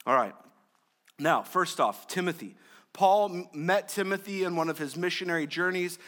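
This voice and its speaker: A young male pastor preaching a sermon, conversational with joking asides, swinging from loud emphasis to quiet, low lines. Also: moderate pace.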